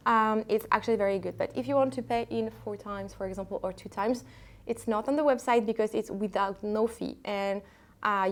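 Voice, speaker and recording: A woman from France with a French accent, casually showing secondhand bags in a vlog and talking with hesitant, chatty restarts. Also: medium pitch. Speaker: vlogger selling secondhand luxury bags. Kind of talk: casual product showcase.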